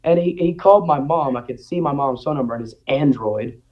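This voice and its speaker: A young guest with a mid-range voice, talking fairly quickly, tells a casual personal story and animatedly acts out what others said. His audio comes across dull and lo-fi.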